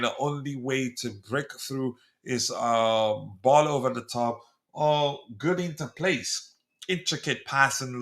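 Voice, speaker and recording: A man's voice: medium pitch, pushed and bright. A man from South Africa hosting a live football debate stream, chatty, reading viewer comments aloud and answering them; his first language is not English. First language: a South African language other than English. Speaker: livestream host.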